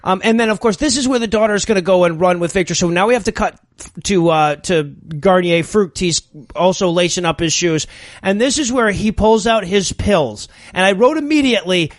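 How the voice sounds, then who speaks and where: A man's voice: high voice, normal speed, no echo. A man co-hosting a comedy podcast, wryly riffing on a movie and reading his notes aloud. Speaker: podcast co-host.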